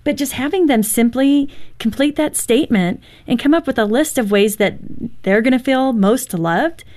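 A woman's voice: sits high, moderate pace, darkish tone. A woman appearing as a guest on a talk show, giving marriage advice in an affirming way. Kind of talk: casual chat on a talk show.

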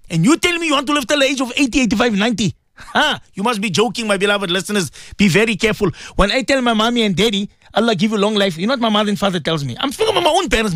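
A man's voice: extremely high pitch, fairly bright tone, dry recording. A middle-aged man, hosting a radio show in an emotional, rambling monologue that he speaks straight to his co-host and his listeners.

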